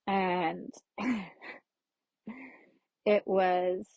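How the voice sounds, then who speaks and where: A woman's voice: fairly low pitch, level tone, extremely slow, dry recording, muffled recording. A woman hosting her own podcast, candidly telling a personal story in a frank, casual way that includes swearing. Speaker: podcast host.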